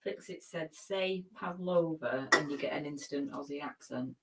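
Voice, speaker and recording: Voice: mid-range voice, moderate pace, vocal fry, a crowd in the background. A co-host in a casual live-stream chat who teases and laughs along. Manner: laughing, teasing.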